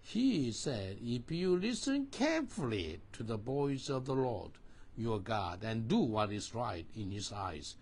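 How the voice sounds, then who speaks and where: Man, pastor, husky voice, lively rising and falling pitch, call-and-response sermon. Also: a little slow. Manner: animated, call-and-response preaching in non-native English.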